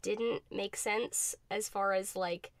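A woman's voice: mid-range voice, fairly even intonation, slow, no echo. A woman co-hosting a podcast in casual chat, talking loosely with many filler words. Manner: chatty, lots of "like" fillers. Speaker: podcast co-host.

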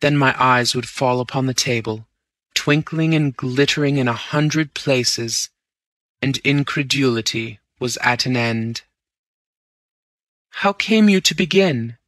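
Man narrating in a slow, bright voice. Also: mid-range voice, steady tone, dry recording, rough recording. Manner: measured, unhurried storytelling. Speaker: audiobook narrator. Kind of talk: scripted narration.

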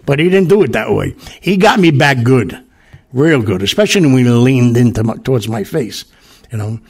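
An older man hosting his own podcast, with a gravelly, husky voice. He rambles through a story in a loose, casual monologue full of fillers and asides. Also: medium pitch, expressive, normal speed, a little mellow. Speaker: podcast host.

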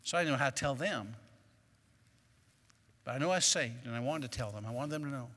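A man preaching a sermon as a personal story, moving between quiet recollection and loud, emphatic bursts. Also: medium pitch, a little fast, big-room sound. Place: church sanctuary.

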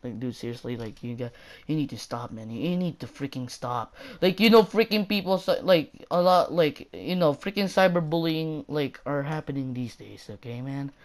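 Woman, fairly low voice, rambling casual rant, lots of fillers, exasperated. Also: moderate pace. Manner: rambling, heavy on fillers and repetition; exasperated, mocking. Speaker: YouTuber.

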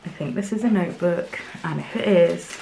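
A young woman from England unboxing gifts in her home craft studio, chatty and excitable, with fillers and little laughs. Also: lowish voice, moderate pace, gravelly, slight background noise. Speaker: craft vlogger. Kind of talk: casual unboxing chat to camera.

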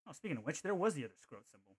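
Male game streamer, animated and jokey, thinks aloud; somewhat high voice. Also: racing, breathy edge. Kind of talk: casual gameplay commentary.

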